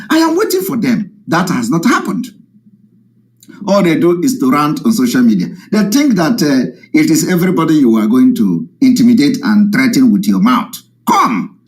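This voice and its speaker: A man giving a heated, mocking live-stream monologue to his followers. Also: fairly high pitch. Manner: combative, mocking, repetitive. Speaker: activist addressing followers. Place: live broadcast from home.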